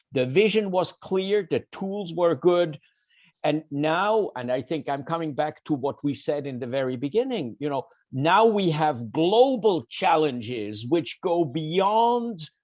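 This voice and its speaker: A man from Switzerland speaks in a fairly high voice, stumbling through restarts as he makes his points. The sound is dull and lo-fi, with no room echo at all. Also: a little mellow. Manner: halting, with many restarts and repeated words. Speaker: panelist. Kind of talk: round-table discussion.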